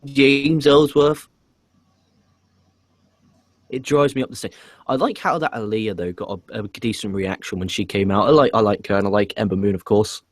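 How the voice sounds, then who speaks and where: A man's voice: on the low side, moderate pace, long pauses, no echo. A man giving a blunt, profane, ranting wrestling show review in casual podcast talk, often stumbling into restarts.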